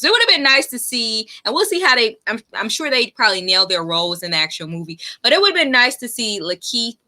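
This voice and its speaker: A woman's voice: medium pitch, pushed and bright. A woman hosting a trailer reaction video, chatting casually, enthusiastic and rambling, often correcting herself.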